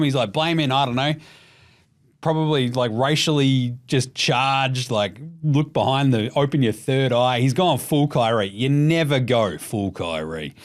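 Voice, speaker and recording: Australian male podcast host, sweary casual chat, very lively pitch. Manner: animated, profane, mimics voices for jokes.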